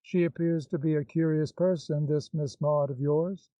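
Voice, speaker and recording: A man's voice: a little high, fairly even intonation, normal speed, dark tone, dry recording, natural voice. A man reading a glib, mocking young woman. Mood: playful mocking. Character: bold impertinent young woman, mischievous. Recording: slightly dull, dry recording.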